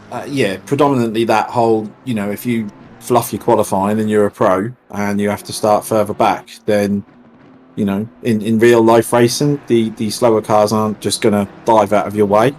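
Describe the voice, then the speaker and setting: A man with a lowish voice talks through the race format on a live stream. He sounds chatty and explanatory, with a light teasing edge. Faint noise sits behind him. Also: fairly even intonation, moderate pace, a little mellow. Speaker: race series organiser co-commentator. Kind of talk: casual live-stream commentary chat.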